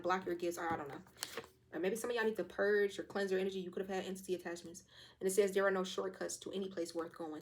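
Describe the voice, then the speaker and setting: Fast-talking young woman tarot reader. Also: medium pitch. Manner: fast, loose and profane, with lively quoted asides. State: slightly hoarse throat. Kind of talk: casual tarot reading.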